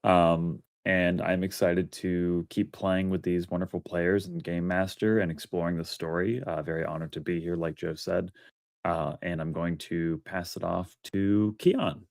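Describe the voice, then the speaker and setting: A man player signing off from a tabletop game, polite and slightly halting. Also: sits low, fairly even intonation, gravelly, darkish tone, no echo, studio quality. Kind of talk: casual chat.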